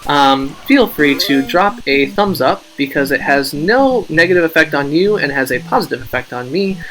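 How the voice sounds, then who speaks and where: Bright-voiced man chatting on a game stream. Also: fairly high pitch, animated, normal speed, low-quality recording. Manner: rambling and self-deprecating, reading out viewer names. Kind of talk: casual live-stream chat.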